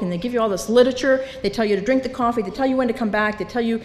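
With a medium pitch and a rapid-fire delivery that barely pauses, an older woman recounts her recovery to a meeting. She acts out others' voices and jokes at her own expense. The meeting hall echoes, and a faint background noise can be heard.

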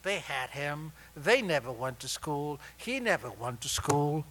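A man in his sixties sharing a personal story at a recovery meeting, with wry, self-mocking humor that turns tender and soft. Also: on the high side, big pitch swings, measured pace, a little hiss or hum.

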